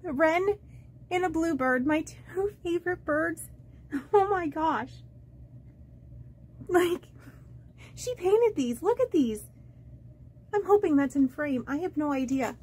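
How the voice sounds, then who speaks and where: A woman vlogger chatting to camera as she opens fan mail, halting and rambling with many fillers and restarts, gushing and easily moved. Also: high-pitched, animated, darkish tone. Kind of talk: casual unboxing chat to camera.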